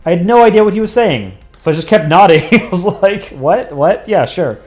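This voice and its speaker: With a high, darkish voice and a fast delivery, a man chats offhandedly while drawing on his livestream. He rambles and thinks out loud, letting out the odd chuckle, in a room with an echo and faint music behind him.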